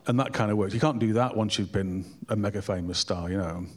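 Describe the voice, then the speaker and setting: A man's voice: lowish voice, brisk. A man co-hosting a casual film discussion, opinionated and enthusiastic.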